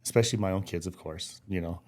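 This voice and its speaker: Earnest middle-aged man, low mellow voice. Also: fast. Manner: earnest, heartfelt, many restarts. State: teary-eyed. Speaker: podcast guest. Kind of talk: emotional interview.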